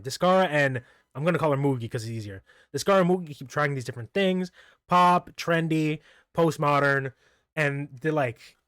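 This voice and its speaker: A man's voice: fairly high pitch, animated, fairly quick, fairly bright tone, no echo, studio quality. A man recapping manga chapters in a casual solo talk, rambling, laughing often and stumbling over names. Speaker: manga reviewer.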